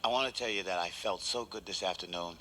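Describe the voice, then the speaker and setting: A man's voice: low-pitched, quick pace, bright, forceful tone, a little hiss or hum. A man doing a laid-back stand-up routine on a television stage, chuckling at his own jokes. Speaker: stand-up comedian.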